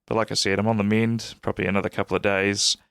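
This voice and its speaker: A man, stuffy from a cold, hosting a podcast in a relaxed, rambling way. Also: fairly low pitch, quick pace, creaky, clean tone, no echo, studio quality. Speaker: podcast host. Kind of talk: casual solo intro.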